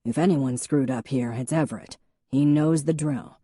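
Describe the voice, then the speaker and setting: A woman narrator voicing a patient, dry-humored male police chief who speaks steadily and calmly. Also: mid-range voice, normal speed, no room sound, natural voice. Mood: steady. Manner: steady, calm, gently teasing.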